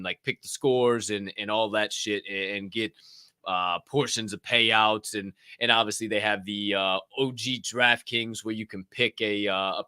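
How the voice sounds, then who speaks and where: A man's voice: fairly low pitch, sharp tone, clear, resonant tone, no room sound, clean studio sound. A man hosting a podcast, giving casual news commentary in a joking, profane way, reading items aloud with asides. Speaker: podcast host.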